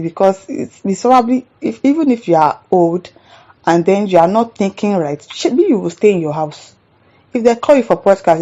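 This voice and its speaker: A woman's voice: medium pitch, animated, normal speed, mellow, muffled recording. A woman with a Nigerian accent hosting a commentary show, reacting to viewer comments in an exasperated, indignant rant.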